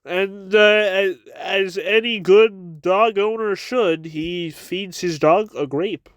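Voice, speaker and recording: A man's voice: sits high, slow, clean tone, dry recording. Guy chatting through a comic chapter, stammery and dry-humored, close dry sound. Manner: stammering, repeats words, wry asides. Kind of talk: casual review monologue.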